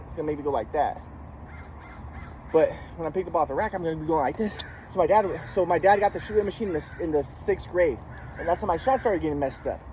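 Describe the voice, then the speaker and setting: A man with a slightly high voice tells a casual, rambling story, repeating words and restarting sentences as he acts out the moves. Clear background noise sits under his voice throughout. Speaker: storyteller recounting his youth. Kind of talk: casual monologue with demonstrations.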